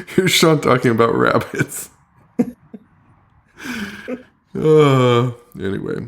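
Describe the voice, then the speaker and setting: Animated, profane man recapping a movie. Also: medium pitch, slow pace, vocal fry. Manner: animated, swears a lot, recaps the plot with acted quotes. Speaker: podcast co-host. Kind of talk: casual movie discussion.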